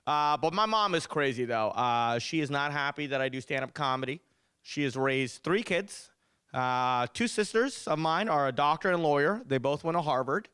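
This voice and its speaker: Lively young stand-up comedian, dry sound. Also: male voice, fairly high pitch, moderate pace, clean tone, no room sound. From United States. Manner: animated storytelling, punchy delivery.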